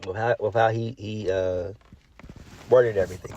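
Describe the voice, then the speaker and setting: A man's voice: on the low side, moderate pace, mellow, slight background noise. A man giving a casual solo review of a wrestling show, blunt and exasperated, swearing freely and trailing off into fillers.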